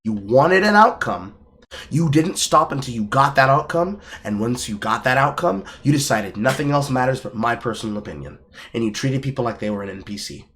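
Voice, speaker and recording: A man hosts a podcast in a forceful, lecturing tone and swears freely as he argues. His voice sits at an ordinary male pitch. He sounds like a casual streamer talking straight into his mic. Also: big pitch swings, a little fast, husky. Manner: emphatic, lecturing, profane. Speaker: podcast host.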